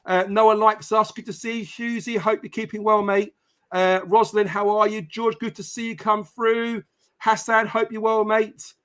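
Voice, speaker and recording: A chatty man hosts a live football podcast stream, greeting viewers one by one by name and talking casually with plenty of ums and uhs. His voice is a little higher than most men's, a bit bright and clean, with a level tone at normal speed.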